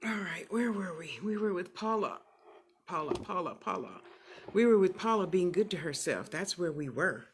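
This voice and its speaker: Animated sassy woman giving livestream readings. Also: on the low side, normal speed, a little hiss or hum. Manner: animated, emphatic, sassy and motherly; repeats phrases for emphasis. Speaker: clairvoyant medium.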